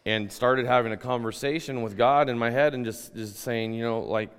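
A man giving an earnest, halting testimony as part of a sermon, often restarting his words. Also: medium pitch, steady tone, clean tone. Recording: long hall reverb.

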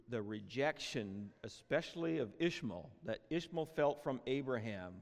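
A man preaching a sermon with emotion, often repeating and restarting words, shifting between loud cries and hushed tones. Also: medium pitch. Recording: long hall reverb.

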